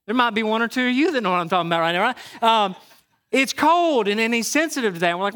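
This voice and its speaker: A man's voice: extremely high pitch, expressive, quick pace, pushed and bright. A man preaching a sermon as pastor, talking in a loose, conversational way with frequent restarts and "right?" to the congregation. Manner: conversational, repeats words, asks the crowd "right?".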